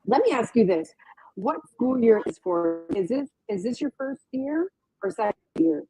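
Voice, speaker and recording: A woman's voice: a little high, sing-song, moderate pace, warm tone, breathy edge, no echo. A woman hosting an interview, speaking casually and emphatically, often adding "right?". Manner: emphatic, uses rhetorical "right?". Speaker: host. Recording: dry tinny phone-like line.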